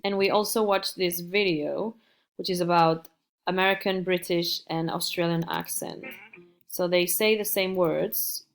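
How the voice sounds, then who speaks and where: Woman teaching English slowly. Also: on the low side, steady tone, gravelly. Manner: repeats words slowly and carefully for learners. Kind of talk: recorded online English lesson.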